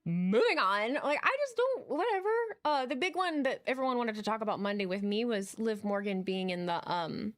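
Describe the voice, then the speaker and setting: High-voiced emphatic woman podcaster. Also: animated, fairly quick, hardly any pauses. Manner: emphatic, ranting, swearing. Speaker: podcast co-host. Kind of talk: casual chat.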